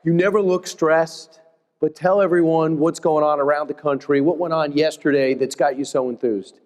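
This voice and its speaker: A man moderating a live panel, asking brisk, bantering questions. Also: on the high side, steady tone, a little mellow. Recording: long hall reverb.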